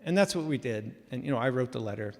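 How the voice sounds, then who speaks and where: A man telling a story live in a casual, animated way with self-mocking humor, heard in a reverberant hall. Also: medium pitch, fast.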